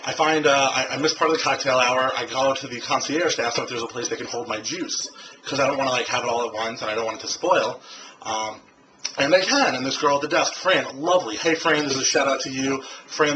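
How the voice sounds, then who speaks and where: A man's voice: mid-range voice, noisy background. A man vlogging in a rambling, casual way, full of fillers and restarts, recorded on a handheld camcorder. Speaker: video blogger. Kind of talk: casual vlog monologue. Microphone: handheld camcorder mic.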